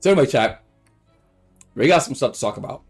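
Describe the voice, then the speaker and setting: A young man on a casual livestream, rambling through a story and acting out the quotes in high voices. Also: expressive, fairly quick, vocal fry, breathy edge, soft background music. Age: young adult.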